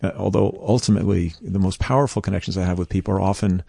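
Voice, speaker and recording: A man's voice: low voice, fast, vocal fry, warm tone, breathy edge, no room sound. A middle-aged man from New York, a guest talking earnestly and reflectively in a studio, laughing now and then. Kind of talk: reflective conversation.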